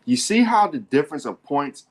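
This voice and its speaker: A man hosting a sports show, commenting live on a basketball game in an excitable way and often repeating himself. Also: fairly high pitch, moderate pace.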